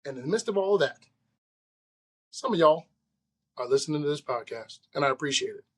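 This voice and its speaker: A man's voice: on the high side, expressive, fairly quick, breathy edge. A man hosting his own podcast, talking straight to listeners in an earnest, conversational way and laughing off his own slip-ups. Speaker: podcast host. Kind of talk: solo podcast monologue.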